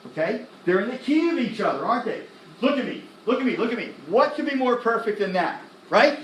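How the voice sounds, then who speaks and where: A man teaching music theory in a classroom lecture, animated, firing quick questions at the students and tossing in slang. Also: very high voice, a little hiss or hum. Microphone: laptop recording the lecture. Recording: echoey classroom from a distance.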